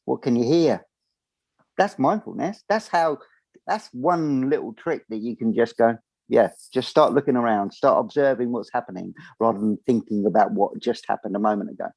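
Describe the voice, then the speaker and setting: A man talking casually on a podcast, often acting out his own inner voice in a higher, lively tone. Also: normal speed, vocal fry, dry recording. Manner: acts out his inner voice in higher animated tones. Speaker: podcast co-host. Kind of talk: casual chat.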